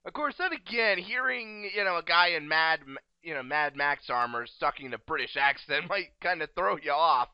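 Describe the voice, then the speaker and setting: An American man hosts a loose, jokey interview, riffing and laughing often. His voice sits a bit high and swings widely in pitch. The recording is dry and muffled, with a lo-fi edge. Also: animated, moderate pace, hardly any pauses, smooth, no room sound. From United States. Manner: laughs often, riffs on jokes. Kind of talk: casual joking chat. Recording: dry, dull lo-fi sound.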